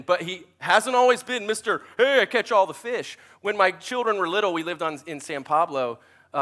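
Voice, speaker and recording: Animated, bright-voiced pastor. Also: male voice, a little high. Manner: chatty, self-deprecating, animated storytelling. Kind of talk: sermon with storytelling.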